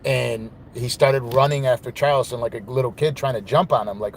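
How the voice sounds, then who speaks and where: A man's voice: mid-range voice, a little fast, few pauses. A man hosting a podcast, telling a story in a casual, rambling monologue full of swearing and "you know what I mean.". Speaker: podcast host.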